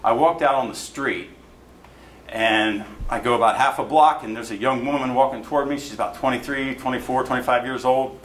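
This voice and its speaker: Animated middle-aged man telling a story. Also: mid-range voice, fairly quick. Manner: animated storyteller acting out quoted dialogue. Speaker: newspaper photojournalist telling a story at an event. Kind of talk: storytelling talk to an audience. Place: event hall. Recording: echoey room with faint noise.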